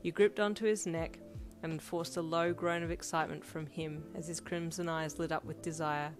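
A woman narrating a second-person fan fiction audiobook in a steady storytelling read. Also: deep voice, moderate pace. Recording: loud music bed under voice.

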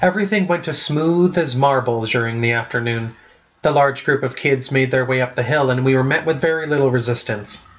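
Man, first-person story narrator, steady reading, middle pitch, dull lo-fi recording. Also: brisk. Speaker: audiobook narrator.

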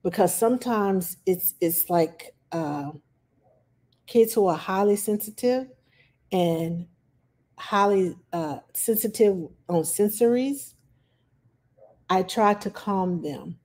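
Slow, calm-spoken nanny woman. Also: mid-range voice. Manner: calm, unhurried, plain-spoken with frequent fillers. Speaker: nanny giving parenting advice. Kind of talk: casual advice talk.

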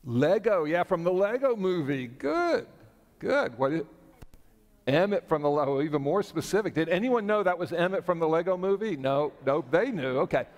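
A man's voice: fairly high pitch, expressive, moderate pace. A man leading a children's sermon in church, friendly and asking the kids questions. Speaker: pastor leading a children's message. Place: church sanctuary. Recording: long church reverb.

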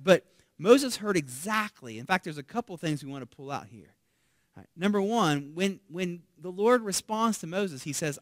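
Delivering his sermon conversationally, a male pastor repeatedly asks "right?", swelling into loud, animated pleas and softening to a hush on key words. He speaks at a moderate pace with a higher-pitched voice, and no room sound is present.

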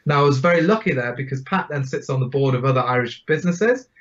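A man in his forties, guest on an interview podcast, telling his stories in an animated, emphatic way. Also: medium pitch, fast talker. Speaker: guest speaker. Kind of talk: storytelling interview. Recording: dull lo-fi sound.

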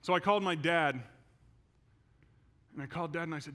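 A male pastor preaching in a church, telling a personal story and moving from hushed, quiet passages to loud, intense ones. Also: a little high, fast, pauses often. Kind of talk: sermon.

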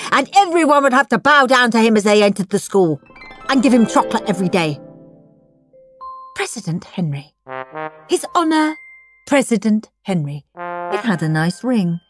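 A woman narrating a bedtime story in an expressive, dramatic reading style. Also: on the high side, moderate pace, music in the background.

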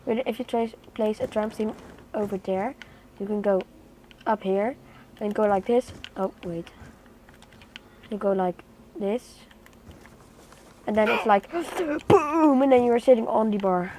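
This gaming channel host is a young non-native English speaker whose mid-range, slightly mellow voice moves a little slowly, with long pauses. She keeps up a chatty commentary on her play, breaking into startled exclamations, over a noisy home game recording.

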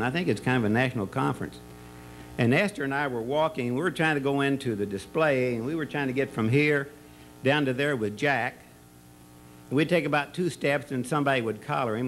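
In a party or banquet room, a man gives a folksy, meandering retirement-party speech, telling stories and jokes about a former school colleague. His mid-range voice is full of fillers and frequent sentence restarts, and the poor audio has slight background noise.

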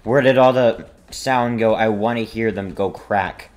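A man's voice: fairly low pitch, unhurried. A man giving casual gameplay commentary, grumbling and talking at the game in frustration. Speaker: gaming video creator.

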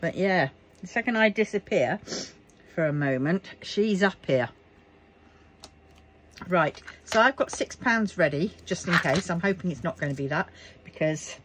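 A woman's voice: on the low side, lively intonation, a little slow, long pauses, background noise. A tired woman chatting casually as she works on a craft project at home, grumbling and joking to herself. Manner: chatty, self-mocking, grumbling asides. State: tired, yawning. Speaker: crafting vlogger. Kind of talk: casual chat while crafting.

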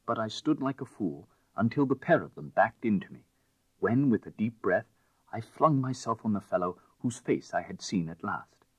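A man narrating a classic tale as an audiobook in a measured, expressive way. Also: on the low side, breathy edge, no room sound.

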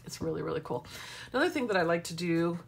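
Chatty craft lady showing her stuff at the desk, lowish voice, faint hiss behind. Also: lively intonation, quick pace, gravelly. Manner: chatty, rambling asides while working. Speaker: craft demo host. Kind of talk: casual craft tutorial.

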